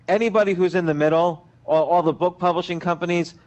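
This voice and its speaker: A man's voice: high-pitched, fairly even intonation, fast, darkish tone, low-quality recording. A man, a guest on a roundtable talk show, speaking emphatically in sweeping statements. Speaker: panel guest. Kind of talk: casual roundtable chat.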